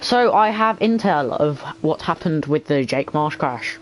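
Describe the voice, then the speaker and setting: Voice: medium pitch, expressive, unhurried, a little hiss or hum, rough recording. Lap-by-lap sim race commentator. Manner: lap-by-lap updates, casual with fillers.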